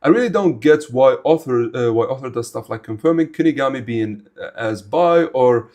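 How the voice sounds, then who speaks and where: A man's voice: mid-range voice, normal speed. A young man from Algeria, an Arabic speaker, chatting casually with viewers on a livestream in a blunt, rambling way. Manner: animated, rambling, blunt and informal. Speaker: streamer.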